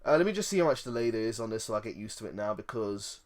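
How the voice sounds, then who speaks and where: A man live-streaming a card game, chatting casually and reading card text aloud with excited reactions. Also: fairly low pitch, rapid-fire.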